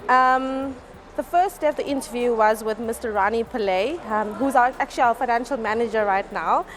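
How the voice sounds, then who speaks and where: A customer relations manager tells a group how she worked her way up. Her fairly high voice stumbles through ums and restarts. Faint room noise hums behind her. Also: moderate pace. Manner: hesitant, many ums and restarts. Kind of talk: workplace career talk. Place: car dealership indoors.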